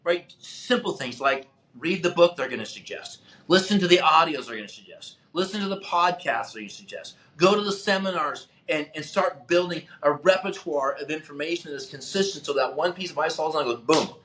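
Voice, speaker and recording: Male motivational host, coaching style, a bit high-pitched, punchy and forceful. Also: brisk, hardly any pauses. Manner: emphatic, animated coaching, acts out quotes. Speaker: podcast host. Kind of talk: motivational talk.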